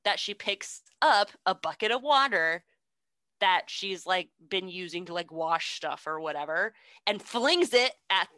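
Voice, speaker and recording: A woman's voice: on the low side, expressive, unhurried, bright, forceful tone, dry recording. A young woman casually retelling a story with sarcasm, frequent swearing and laughter, as a podcast co-host.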